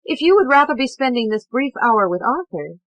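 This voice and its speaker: A woman's voice: high-pitched, fairly quick, dry recording, voice pushed up, poor audio. A woman reading a playful young man who banters wryly and idly. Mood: teasing. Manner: wry, idle banter; nasal monotone when singing. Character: playful, teasing young man with a mocking wit.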